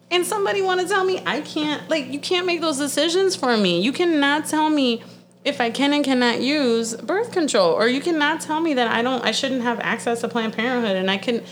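A woman's voice: a little high, a little hiss or hum. A woman in her thirties ranting in a blunt, profane, exasperated way, speeding up in heated bursts. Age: 30s. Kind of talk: ranting monologue.

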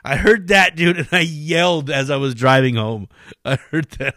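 Man, podcast host, solo chat, profane, excitable, rambling, bright tone, dry close sound. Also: fairly high pitch, moderate pace, no echo. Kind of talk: casual solo podcast monologue.

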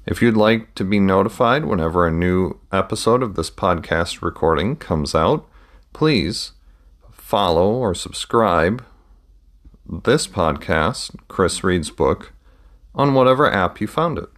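A man narrating his own book as a podcast in a calm, steady, plain reading voice. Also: sits low, a little slow. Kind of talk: audiobook narration.

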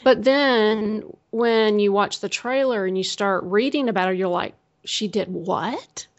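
A woman co-hosting a podcast talks in a relaxed, chatty way with a Minnesota accent. Her voice sits at an everyday middle pitch and grows lively when she quotes her own reactions. The audio is a little dull and lo-fi. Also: moderate pace. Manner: chatty, animated when quoting herself. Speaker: podcast co-host. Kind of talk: casual chat.

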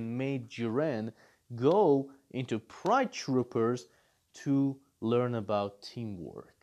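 A man giving casual reaction commentary on a manga chapter, animated and incredulous, firing off rhetorical questions as he rants. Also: medium pitch.

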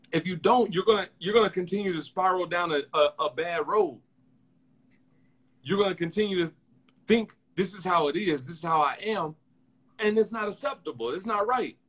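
Animated young man telling stories. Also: a little high. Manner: animated storytelling, slangy, repeats phrases. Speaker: podcast host. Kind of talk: casual podcast chat.

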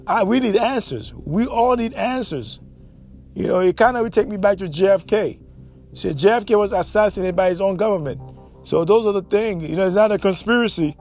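A man from Haiti hosts his podcast in an emphatic, repeating monologue, often restarting his sentences. His voice sits high for a man. Soft music plays faintly beneath him. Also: fairly quick. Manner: emphatic, repetitive, with many restarts. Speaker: podcast host.

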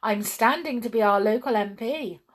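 A woman's voice: a little high, moderate pace, pitched above the performer's own voice, close to an everyday voice. A woman voicing a determined, self-important mother campaigning for office in a storybook reading, bossy in manner.

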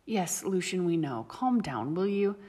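A woman voicing a blunt, self-assured young werewolf woman who leads a pack, low and husky. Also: lively intonation, warm tone. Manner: blunt, measured. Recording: long reverb.

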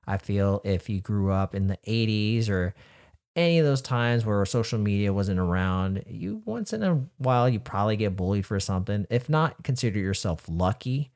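Brief: laid-back male podcast host, slightly low voice, chatty openers. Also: animated, moderate pace, a little mellow. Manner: easygoing, rambling intros with fillers. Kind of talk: casual podcast chat.

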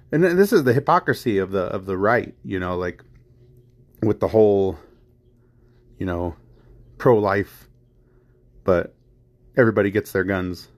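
An American man hosting a podcast talks in a lowish voice at normal speed with long pauses. The casual chat turns heated and rambling, as he repeats phrases, swears, and fills gaps with "you know" and "I mean".

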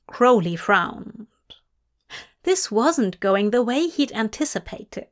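A woman reading fan fiction aloud in audiobook style, measured and deliberate. Her voice sits a bit high and she takes her time with each line. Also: big pitch swings. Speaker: narrator.

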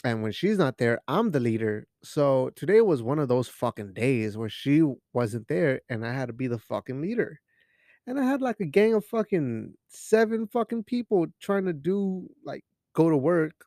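In a dry, clean studio recording, a man hosts a laid-back solo podcast, drinking beer as he rambles, cracks jokes, swears heavily, and throws in Spanish phrases. He sounds animated, gravelly, and darkish at a medium pitch and normal speed.

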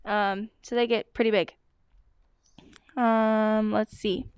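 A woman's voice: mid-range voice, level tone, slow, smooth. A woman dog blogger answering common breed questions in a chatty, hesitant way, full of fillers. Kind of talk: casual Q&A vlog.

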